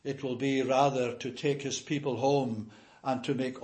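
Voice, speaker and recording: A man preaching a sermon in a measured, emphatic way, with frequent hesitations and filler sounds. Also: mid-range voice, level tone, a little mellow.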